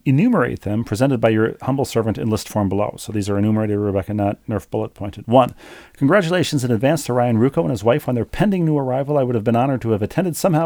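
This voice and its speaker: A man's voice: medium pitch, mellow, no room sound. A middle-aged man co-hosting a podcast, chatting casually and reading a listener's email aloud in a dry, wordy, playful way. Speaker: podcast co-host.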